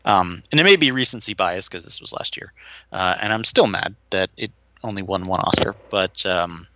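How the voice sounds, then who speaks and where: A man co-hosting a podcast, chatting casually about movies in a relaxed way, with many fillers. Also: sits low, moderate pace, background noise. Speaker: podcast co-host.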